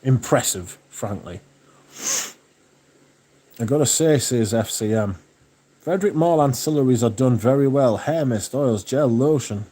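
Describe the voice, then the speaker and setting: A man hosting a livestream, chatting casually and reading out viewer comments, relaxed and enthusiastic with plenty of swearing. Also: medium pitch, unhurried, pauses often. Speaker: livestream host.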